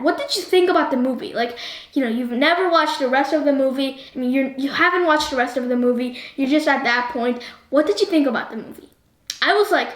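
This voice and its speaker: A high, bright-pitched woman talks through a movie review, tossing question after question at her viewers. The room around her rings with a noticeable echo. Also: brisk. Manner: keeps asking the viewer questions, animated. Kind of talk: chatty video review. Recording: roomy echo.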